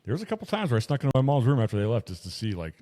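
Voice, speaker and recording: A man's voice: medium pitch, sing-song, racing, warm tone. A man co-hosting a podcast, telling long, profane stories in casual chat. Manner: profane, rambling storyteller. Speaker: podcast co-host.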